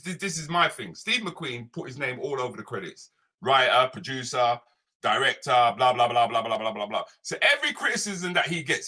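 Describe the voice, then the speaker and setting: A man's voice: medium pitch, sharp tone, slightly rough. A British comedian ranting on a live show, repeating his points and asking "yeah?" and "right?" constantly. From Britain. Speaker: comedian and social commentator hosting a live show. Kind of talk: animated solo rant. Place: home, streaming live online.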